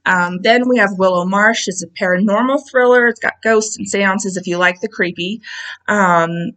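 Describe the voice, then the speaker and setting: A woman's voice: medium pitch, normal speed, a bit bright, rough recording. A woman casually presenting her novels from home in a video call, chatty and full of ums and asides. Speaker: author presenting her books. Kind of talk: casual talk about her books.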